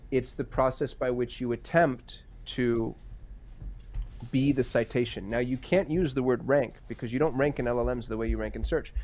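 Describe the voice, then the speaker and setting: A man guest on a podcast interview, an entrepreneur and author who talks in energetic, emphatic runs of lists. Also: mid-range voice.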